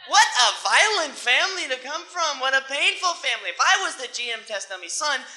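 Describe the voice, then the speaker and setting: A young male comedian rambles through his set in a laid-back, slangy way, his voice bright and forceful. The recording is from an 1980s club with lots of room echo. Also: very high voice, sing-song, a little fast. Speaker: stand-up comedian. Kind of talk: stand-up comedy.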